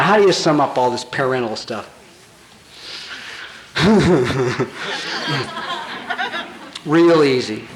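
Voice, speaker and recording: A man in his fifties telling his story at a recovery convention, blunt, wry and emphatic, with the odd curse for punch. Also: mid-range voice. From Colorado, USA. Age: 50s. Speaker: recovery speaker. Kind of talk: comic confessional storytelling speech. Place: large convention hall with audience. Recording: echoey 1980s convention hall tape.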